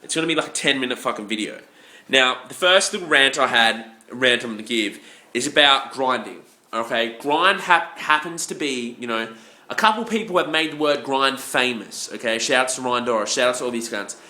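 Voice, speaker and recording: A man's voice: medium pitch, brisk, bright, forceful tone. A young Australian man ranting into the camera, blunt and heavily profane, rambling with many restarts and "you know" asides. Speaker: fitness vlogger. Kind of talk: ranting vlog monologue. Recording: echoey room.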